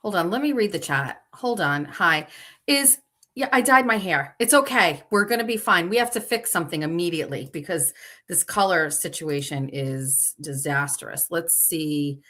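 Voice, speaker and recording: A woman's voice: on the low side, expressive, moderate pace, bright, forceful tone. A woman hosting a livestream in casual chat, flustered and talking to herself while she fixes her stream settings live. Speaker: show host.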